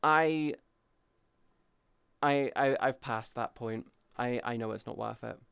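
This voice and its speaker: A man's voice: mid-range voice, slow, creaky, a bit bright, clean tone, dry recording. A man live streaming, talking openly and casually with his chat, swearing freely as he answers viewers.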